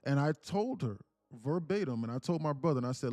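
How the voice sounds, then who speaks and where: A man's voice: on the high side, lively intonation, fairly quick, warm tone, dry recording, clean studio sound. A man hosting a trading livestream, telling a personal story casually, emphatic and repetitive with many restarts.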